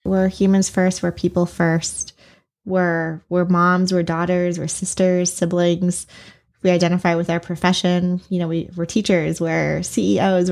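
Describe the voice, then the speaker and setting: An earnest woman hosts a podcast conversation and leans hard into her points. Her voice carries a gravelly fry and sits a bit low. The tone is mellow and dark rather than bright. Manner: earnest, emphatic. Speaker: podcast host. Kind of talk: conversational interview.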